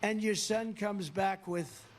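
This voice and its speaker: A man's voice: high-pitched, slow pace, a little hiss or hum. A man giving a rally speech, rambling and repeating himself. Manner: rambling, repetitive. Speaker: politician at a rally.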